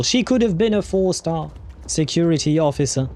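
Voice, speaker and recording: A man's voice: a little high, lively intonation, normal speed, a little mellow. A man streaming a video game and talking through it in a loose, chatty way, laughing easily and swearing now and then. His mid-range voice swings widely and animatedly, with faint music in the background. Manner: chatty, laughs often, occasional swearing, sudden bursts. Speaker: livestream host playing a game. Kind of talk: casual gameplay commentary.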